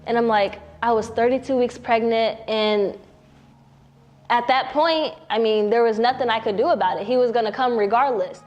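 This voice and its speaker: A woman's voice: on the high side, normal speed, lo-fi sound, soft background music. A young woman telling her personal story in a casual way, often saying "you know what I'm saying" and acting out what others said. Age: young adult. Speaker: young mother interviewed on camera.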